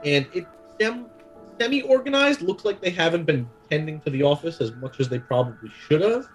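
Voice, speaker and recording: A man running a tabletop game as game master, describing scenes and ruling calmly. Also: a little high, normal speed, faint music behind.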